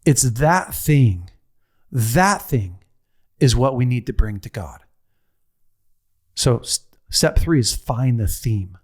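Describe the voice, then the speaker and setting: A middle-aged man giving a heartfelt teaching talk, telling a personal story with repetition, restarts and a pace that swings from slow to rushed. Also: medium pitch, animated, a little mellow, slightly rough. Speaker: speaker on a men's ministry show.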